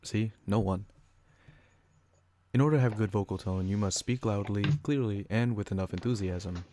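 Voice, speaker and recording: A young man reading a scripted educational podcast, a little flat as he reads from prepared notes. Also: deep voice, normal speed. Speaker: student podcaster.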